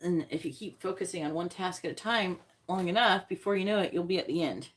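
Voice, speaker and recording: A woman's voice: on the low side, a little fast. A woman hosting a live tarot stream, chatting casually and bluntly with viewers and swearing freely. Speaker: tarot reader host.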